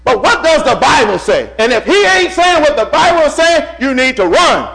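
This preacher's voice is extremely high and creaky, with big pitch swings, delivered at a moderate pace. His sermon veers from shouts to hushed words as he calls the congregation brother.

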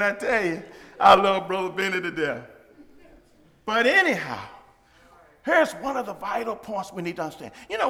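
A man preaching a sermon in a church, fervent, with shouted peaks and joking asides. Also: sits high. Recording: echoey hall.

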